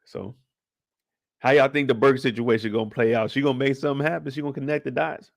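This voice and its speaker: A man's voice: medium pitch, steady tone, fast talker, vocal fry, no room sound, clean studio sound. A man hosting a casual TV recap show, talking in a profane, laughing way. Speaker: show host.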